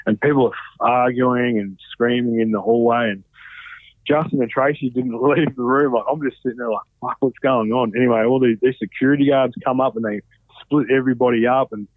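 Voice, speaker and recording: A man telling stories in a casual, animated way, swearing freely. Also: medium pitch, fairly quick, no room sound. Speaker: podcast guest, former reality show contestant. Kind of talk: casual storytelling. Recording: dry, phone-like narrow sound.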